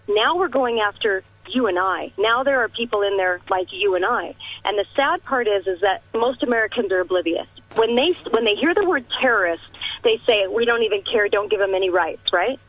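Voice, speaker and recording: A woman's voice: mid-range voice, lively intonation, moderate pace. A woman talking on a radio show, emphatic and impassioned, often restarting her sentences, heard over a phone line. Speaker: radio talk guest. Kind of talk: radio talk discussion. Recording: dry tinny phone line.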